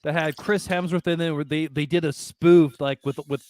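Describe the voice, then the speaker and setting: A man's voice: fairly high pitch, fairly even intonation, moderate pace, a little mellow. A man co-hosting a podcast in casual chat, easygoing and enthusiastic. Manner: easygoing, enthusiastic, many restarts. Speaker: podcast co-host.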